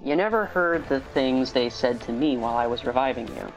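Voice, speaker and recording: A man reading as a soft-spoken little robot companion. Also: mid-range voice, a little fast, soft background music, natural voice, poor audio. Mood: calm. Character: small male floating robot companion, calm.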